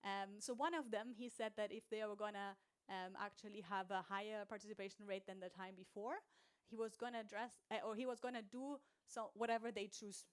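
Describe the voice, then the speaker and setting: Woman speaker, mid pitch, smooth clear voice, casual presenting style with fillers. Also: steady tone, a little fast. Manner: casual, chatty, many "um"s and light laughs. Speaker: speaker at a meetup. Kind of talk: conference presentation.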